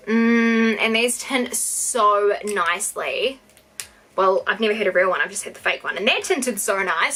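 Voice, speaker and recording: A young woman with a New Zealand accent gushing excitedly through an unboxing vlog. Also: medium pitch, normal speed, a little hiss or hum. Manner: gushing, excitable, gasping and squealing. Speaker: YouTuber.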